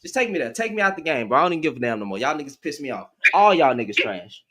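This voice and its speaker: A man hosting a live stream call, ranting in exasperation and swinging between shouting and muttering. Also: a little high, big pitch swings, very fast. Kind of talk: heated live stream rant.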